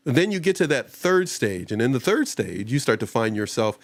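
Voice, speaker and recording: A man's voice: brisk, dry recording. A man hosting a live-streamed talk show, chatting casually and rambling, and often acting out other people in voices. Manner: animated, jumps into high-pitched voices when acting out others. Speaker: show host.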